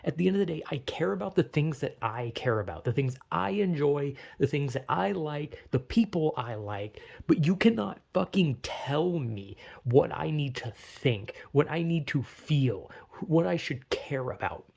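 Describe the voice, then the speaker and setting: A man's voice: a little high, animated, measured pace, vocal fry, hardly any pauses, darkish tone. A man ranting casually to camera, blunt and full of swearing, laughing at his own jokes. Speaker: vlogger. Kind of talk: profane casual rant.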